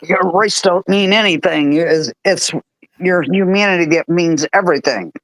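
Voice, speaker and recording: A man on a livestream chiming in with brief remarks and calmly pushing back on the host. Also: sits high, moderate pace, dry recording, poor audio. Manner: short interjections, calm pushback. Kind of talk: casual chat.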